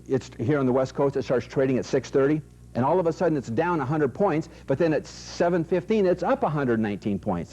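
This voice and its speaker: A man in middle age leads an investment seminar, pressing each point home and repeating it with rhetorical questions. His voice is warm and slightly husky. The sound is dull and lo-fi, like a tape from an old VHS. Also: medium pitch. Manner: emphatic, repetitive, rhetorical questions to the audience. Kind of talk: recorded seminar talk.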